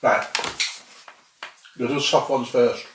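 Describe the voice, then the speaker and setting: A man's voice: medium pitch, steady tone, slow pace. A man with a dry sense of humour, chatting casually as he tastes and rates cheeses on his food vlog. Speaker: food vlogger tasting cheeses. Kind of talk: casual tasting commentary. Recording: roomy sound, distant from mic, faint noise.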